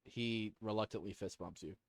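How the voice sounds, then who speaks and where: A man's voice: lowish voice, normal speed, no room sound, clean studio sound. A man running a tabletop fantasy game as dungeon master over a voice call. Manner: plays a reluctant king in brief asides. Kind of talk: narrating a tabletop game online.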